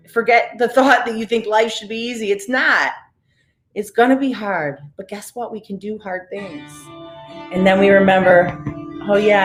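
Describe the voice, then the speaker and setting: Woman, guided breathwork coach, commanding and upbeat, roomy room, faint music behind. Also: lowish voice. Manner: motivational, commanding, repeats cues. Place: live-streamed session in a roomy space.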